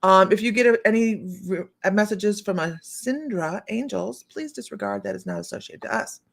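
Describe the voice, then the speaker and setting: A middle-aged woman runs a psychic livestream, spinning a long, meandering tale in casual chat, restarting often and tossing quick greetings to viewers. Her medium-pitched voice swings widely up and down, with vocal fry.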